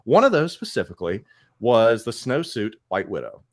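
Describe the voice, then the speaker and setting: A man's voice: fairly low pitch, normal speed. A man co-hosting a casual podcast chat, telling a story and acting out the people in it. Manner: animated storytelling, acts out quoted exchanges. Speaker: podcast co-host. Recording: online call.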